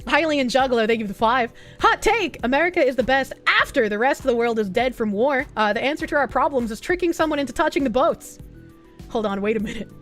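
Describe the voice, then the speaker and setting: Animated high-voiced woman with a Boston accent. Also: quick pace, few pauses. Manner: animated, swearing, laughing, bursts into loud put-on yells. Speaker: streamer reading chat messages. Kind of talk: casual livestream chat. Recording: faint music behind.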